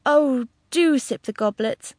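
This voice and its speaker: A woman doing a leering, eccentric old gentleman. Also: sits high, slow, dry recording, studio quality, voice pushed up. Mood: pleading. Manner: pleading, languid.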